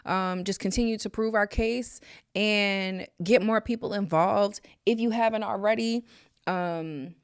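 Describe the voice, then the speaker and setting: A woman's voice: medium pitch, a little slow, smooth, dry recording, clean studio sound. A woman hosting a casual talk, speaking earnestly and emphatically and repeating phrases for emphasis. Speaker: host. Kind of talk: casual direct-to-camera talk.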